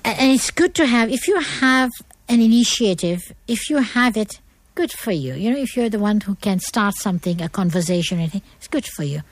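A woman's voice: mid-range voice, expressive, brisk, hardly any pauses, no room sound. Middle-aged woman, guest speaker, earnest lecturing tone, very dry voice. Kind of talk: motivational talk on manners.

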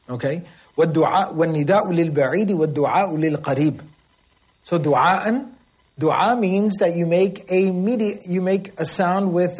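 A man's voice: high voice, slightly rough. A man teaching a religious language lesson, explaining word meanings and often checking in with his listeners. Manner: acts out calls and shouts.

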